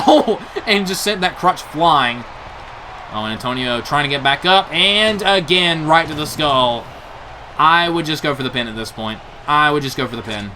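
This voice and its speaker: A young man giving excited play-by-play commentary on a wrestling match, reacting with gasps and laughs. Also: a little high, slight background noise. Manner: animated, gasping "oh no" reactions, laughs often. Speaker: play-by-play commentator for a video game wrestling show.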